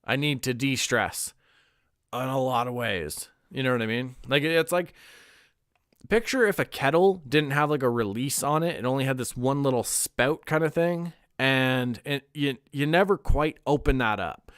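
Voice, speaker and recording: A man's voice: medium pitch, moderate pace, a bit bright, clear, resonant tone, no echo, studio quality. A young man chatting casually on a livestream, candid and rambling, swearing now and then and laughing often. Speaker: streamer.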